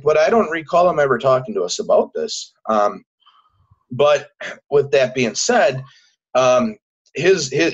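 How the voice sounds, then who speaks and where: A man telling a personal story as a guest in a casual interview, halting and repeating words, acting out what people said. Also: mid-range voice, breathy edge. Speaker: podcast guest. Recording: dull lo-fi recording.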